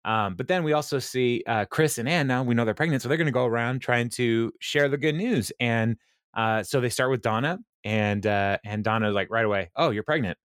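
A man hosting a casual chat, retelling an episode in a halting, rambling way with frequent chuckles. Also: medium pitch, fairly bright tone, clear, resonant tone, no room sound, clean studio sound. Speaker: podcast host recapping a TV episode.

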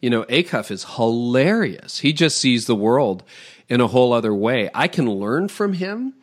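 A middle-aged pastor from Toronto speaks in a podcast interview. His pitch swings widely as he stresses his points, and he lays out his advice in quick, emphatic lists. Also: big pitch swings. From Toronto, Canada.

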